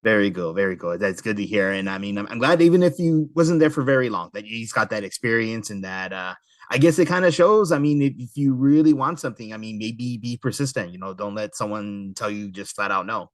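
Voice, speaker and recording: A man's voice: fairly low pitch, lively intonation, a little fast, no room sound, studio quality. A man hosting a podcast, chatting casually and reflecting on what his guest said. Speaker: podcast host. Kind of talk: casual chat.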